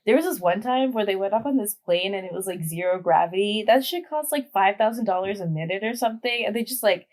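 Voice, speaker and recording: A woman's voice: medium pitch, fast. A woman in her twenties, a podcast guest, chatting casually and telling stories with lots of laughter. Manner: lively, laughing storyteller. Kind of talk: casual chat.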